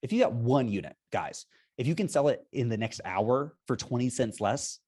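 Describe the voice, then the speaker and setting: A man's voice: mid-range voice, lively intonation, normal speed, darkish tone. A man being interviewed as a guest, explaining business strategy in an upbeat, persuasive way and chuckling often. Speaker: guest, repricing software founder.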